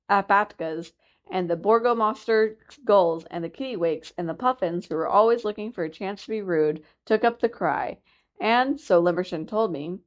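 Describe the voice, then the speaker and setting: A woman narrating a classic chapter book aloud for a library reading program, in a clear, steady storytelling manner. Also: mid-range voice, muffled recording. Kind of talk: audiobook narration.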